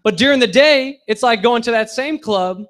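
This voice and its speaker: A young man doing a stand-up comedy set on a bar stage, with punchy deadpan delivery that drops low for asides. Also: normal speed.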